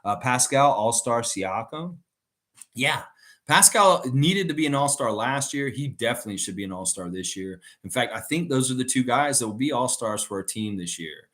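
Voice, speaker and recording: A man's voice: mid-range voice, animated, moderate pace, a bit bright. A middle-aged man hosting a casual live stream. He rambles, reads out viewer comments and tells stories with frequent laughs.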